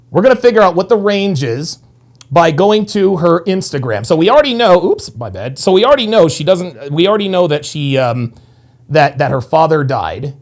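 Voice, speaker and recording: A man hosting a reaction video, commenting on a podcast clip in a crude, animated way with fast bursts of talk. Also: sits high.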